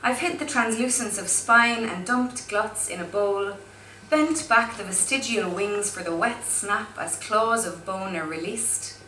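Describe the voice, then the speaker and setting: A woman performing spoken word as a guest poet, wry and chatty between pieces, slow and deliberate in her poems. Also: medium pitch, sharp tone, roomy sound, distant mic, a little hiss or hum. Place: pub performance room.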